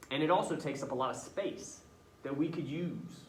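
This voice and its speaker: A man's voice: a little high, normal speed, a little hiss or hum. A male teacher running a casual writing lesson, thinking aloud as he edits a student paper. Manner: casual, chatty, thinking aloud while editing. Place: classroom. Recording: roomy classroom picked up from a distance.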